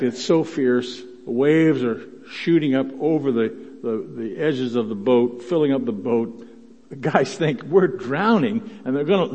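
A male pastor delivers a sermon at an unhurried pace, retelling a story and lifting his voice for the dramatic quotes. He often stumbles into repeated words and clears his throat. The sound is slightly dull and carries a long church reverb. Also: medium pitch, a little mellow. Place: church sanctuary.

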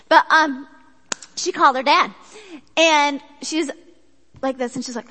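A woman giving a sermon with a personal story, in a chatty, animated way that acts out quotes. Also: fairly high pitch, normal speed. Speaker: speaker at a church gathering. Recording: echoey hall.

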